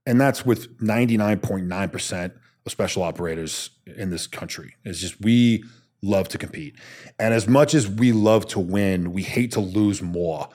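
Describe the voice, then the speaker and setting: Here a thirtysomething Army special forces soldier, guesting on a podcast, talks at a normal pace in a lowish voice. His storytelling in the casual interview is animated, blunt and salty, and he acts out what people said.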